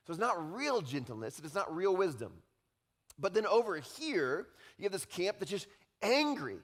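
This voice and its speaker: A pastor delivers a sermon in a lively, conversational way, his voice sitting a little higher than most men's. He keeps checking in with his listeners and acts out the people he describes. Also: normal speed. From Utah. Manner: conversational, animated, often tags lines with "right?".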